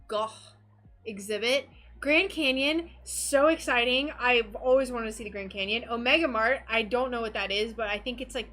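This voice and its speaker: Gushing and bubbly, a young woman chats casually with live-stream viewers as she works on stained glass. Her voice sits on the high side and sounds pushed and bright.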